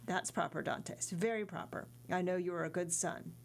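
A woman's voice: lowish voice, normal speed, creaky, slight background noise. A woman reading the part of a kindly middle-aged male ship owner in an audiobook, in a fatherly, encouraging manner.

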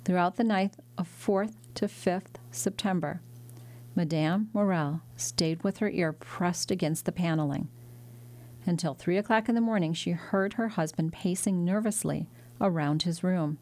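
A woman reads a classic novel aloud in a measured, steady manner. Her voice sits on the lower side. She tells the story as scripted audiobook narration.

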